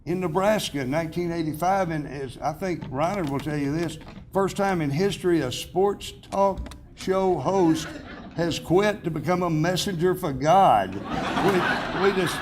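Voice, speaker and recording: A man's voice: on the high side, unhurried, slight background noise. A man in his seventies giving an award acceptance speech, telling chatty self-deprecating anecdotes with restarts and chuckles at a podium microphone in a banquet hall.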